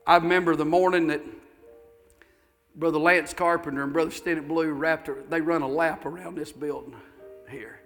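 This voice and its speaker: A man's voice: on the high side, fairly bright tone. Fervent preacher man, music behind. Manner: folksy, fervent storytelling with repeated phrases. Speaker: pastor. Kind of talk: sermon.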